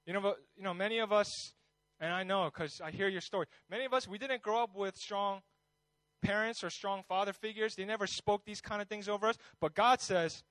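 A male pastor preaching in a relaxed, conversational way, with a high-pitched voice. He tells stories with animated energy. The sound is dry and close, with no room around it. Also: brisk, no room sound, poor audio. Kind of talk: sermon.

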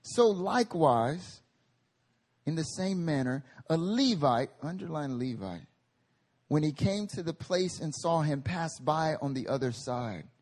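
A man preaching a sermon at a prayer meeting, animated and conversational, with humorous tangents. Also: a little high, measured pace. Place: meeting hall.

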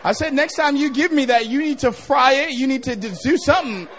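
A middle-aged male pastor preaching a revival sermon, joking with the crowd and building to shouts. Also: extremely high pitch, brisk, background noise.

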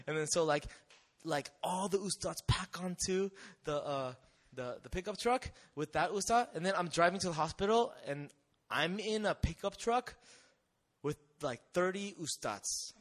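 A young man giving a lively testimony talk, telling a mission story with acted-out voices and frequent laughter. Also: sits high, normal speed. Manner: animated storyteller, acts out voices, laughs often. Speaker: missionary speaker.

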